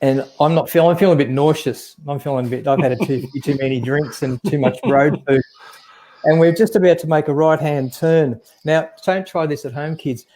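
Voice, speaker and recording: A man's voice: on the high side, brisk, dark tone. A man, the guest in a casual chat, telling chatty anecdotes full of dry asides.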